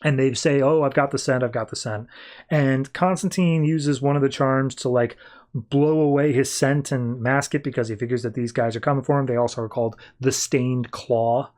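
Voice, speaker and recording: A man's voice: medium pitch, steady tone, moderate pace, a little mellow. A man hosting a podcast, recapping a comic book in a rambling, informal way with many fillers. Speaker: podcast host.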